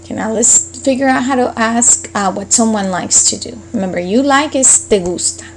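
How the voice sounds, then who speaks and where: A woman teaching a Spanish lesson, explaining grammar patiently step by step and slowing down for each example phrase. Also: on the high side, a little hiss or hum, poor audio.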